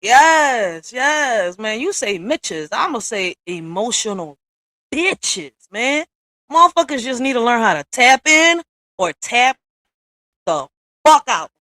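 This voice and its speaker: A woman's voice: fairly high pitch, sing-song, slow pace, bright, forceful tone, no echo. A woman hosting a live stream at home in a casual, blunt rant. She talks straight to her viewers with profanity and slangy asides. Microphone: streaming software setup.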